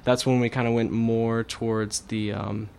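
A man's voice: mid-range voice, level tone, moderate pace, creaky, darkish tone, clear, resonant tone. A young man, a band's guitarist and songwriter, chatting casually in a radio studio, rambling with lots of fillers and restarts. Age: young adult. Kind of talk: casual interview chat.

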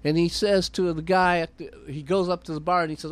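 A man casually telling a bar joke in an animated way, with frequent laughter. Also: fairly high pitch, brisk, dry recording.

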